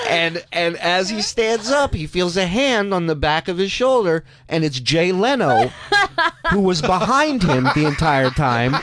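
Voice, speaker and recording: A man hosting a radio show, telling a story in a loose, profane, animated way. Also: fairly high pitch, measured pace, a little hiss or hum. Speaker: radio host. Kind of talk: casual radio chat and storytelling.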